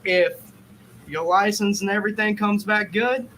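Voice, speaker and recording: A man's voice: high-pitched, normal speed, slight background noise, rough recording. A man telling a story in a loose, profane podcast chat, acting out both sides of the conversation. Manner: animated, profane, acts out quotes.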